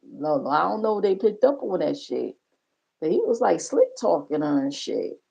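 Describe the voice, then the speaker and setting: A woman's voice: fairly low pitch, sing-song, normal speed, gravelly, mellow, husky, highs cut off. A woman hosting a livestream reaction channel, talking bluntly and profanely in casual commentary. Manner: blunt, profane, gossipy, talks straight to viewers.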